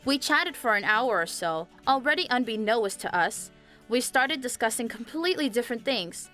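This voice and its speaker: A young woman narrating a scripted animated story, chatty and speaking straight to viewers. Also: a little high, normal speed. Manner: chatty, addresses viewers directly. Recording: faint music behind the voice.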